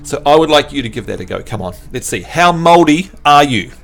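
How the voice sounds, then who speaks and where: A man's voice: on the high side, a little fast, vocal fry, soft background music. Jokey man streaming to his viewers. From New Zealand. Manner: jokey, self-mocking, animated. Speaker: game livestreamer. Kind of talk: casual chat with viewers.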